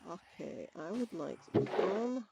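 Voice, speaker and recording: A woman streamer talks through her game in a gravelly voice that swings up and down. She chats on casually and thinks aloud as she sorts her items. A loud background noise runs under the desk microphone. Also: on the low side, big pitch swings, takes it slowly. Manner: chatty, thinking aloud while sorting items. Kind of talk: casual gameplay commentary.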